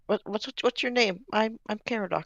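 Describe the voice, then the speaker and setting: A tabletop player voicing a kind ten-year-old halfling boy who stammers gently and eagerly. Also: mid-range voice, fairly quick, creaky, dry recording, dull audio, pitched above the performer's own voice. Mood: gentle.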